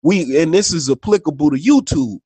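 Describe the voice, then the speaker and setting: Slangy, profane man with a higher voice. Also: animated, normal speed, warm tone, breathy edge, dry recording. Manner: slangy and profane, with constant filler tags; loose, conversational storyteller. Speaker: podcast co-host. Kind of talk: casual unscripted chat and storytelling.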